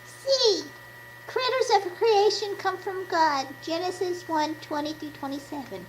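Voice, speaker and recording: A woman voicing a sweet, eager little girl puppet who reads slowly and carefully in a children's puppet show. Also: extremely high pitch, pitched above the performer's own voice, poor audio. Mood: reading carefully. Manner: slow, careful storybook reading. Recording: steady background noise.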